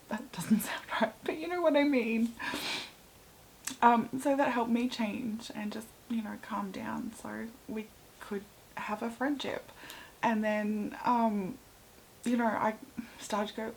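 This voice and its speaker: A young woman with an Australian accent telling personal stories in a casual, chatty way, full of fillers and often sinking into a soft, breathy half-whisper. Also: on the high side, fairly even intonation, unhurried, long pauses, slight background noise, poor audio. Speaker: vlogger.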